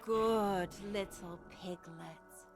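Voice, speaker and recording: A woman voicing a condescending young street artist in video game dialogue, speaking in a slow, drawn-out, mocking way. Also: fairly low pitch, fairly even intonation, soft background music, heavily acted.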